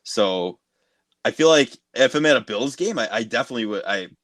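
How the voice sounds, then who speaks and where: A man's voice: medium pitch, animated, a little fast, a bit bright, dry recording. Easygoing male podcast host, dry sound. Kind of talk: casual podcast chat.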